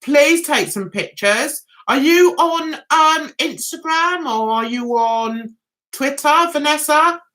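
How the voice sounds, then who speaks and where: A middle-aged British woman with a high, bright, pushed voice speaks slowly while hosting a casual live-stream chat. She reads out viewers' comments, giggling and chatting, and often laughs at herself.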